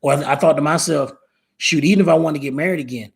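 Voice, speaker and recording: A man's voice: on the high side, fast, creaky, husky. A man in his thirties hosting a casual live stream, talking in a rambling way, repeating words and reading viewer comments aloud. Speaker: live show host.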